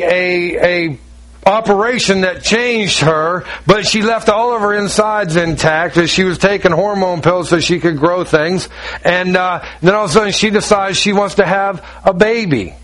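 A man's voice: sits high, unhurried, a bit bright. Emphatic male preacher, conversational sermon.

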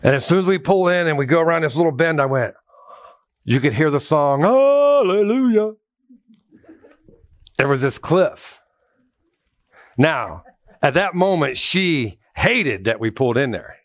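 Male pastor, fairly high voice, joking storyteller, talks to the congregation, dry close sound. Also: normal speed, dry recording. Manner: joking, animated storytelling with congregation call-outs. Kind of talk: conversational sermon with personal stories.

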